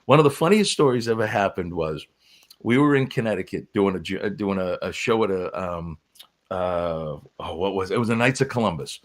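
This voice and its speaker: A man who is a former wrestling referee, guest on a podcast, telling stories in an animated, laughing way. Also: low voice, fairly quick. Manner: animated storyteller, breaks into laughs. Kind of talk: casual storytelling on a podcast.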